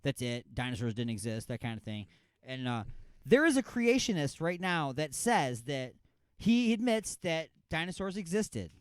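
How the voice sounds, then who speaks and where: A man's voice: a little high, sing-song, moderate pace, smooth, dry recording, clean studio sound. A man co-hosting an internet radio show, chatting casually and joking around. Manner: joking, jumps between goofy accents. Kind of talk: casual podcast banter.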